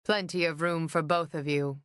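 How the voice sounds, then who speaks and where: A woman's voice: low voice, steady tone, moderate pace, a bit bright, smooth, no echo, clean studio sound. A woman voicing a theatrical, melodramatic older man, an eccentric painter father who bellows and grumbles in an audiobook. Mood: theatrical lament. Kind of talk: audiobook character voice.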